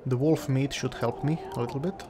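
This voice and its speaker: A man's voice: mid-range voice, steady tone, fairly quick, background noise. A man casually commenting on his own survival game as he plays, muttering to himself and talking to the game. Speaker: let's play gamer.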